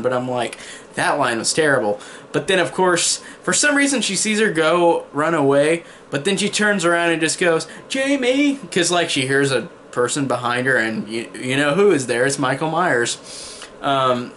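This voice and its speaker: A man's voice: mid-range voice, fairly bright tone, a little hiss or hum. A young man giving a casual spoken movie review, rambling with lots of fillers and restarts. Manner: mocking character voices when quoting.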